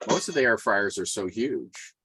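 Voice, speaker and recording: A man's voice: on the low side, lively intonation, moderate pace, background noise. A man on a video call chatting casually as a home cook, describing food enthusiastically. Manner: chatty, enthusiastic food talk, sometimes talking with his mouth full. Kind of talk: casual chat.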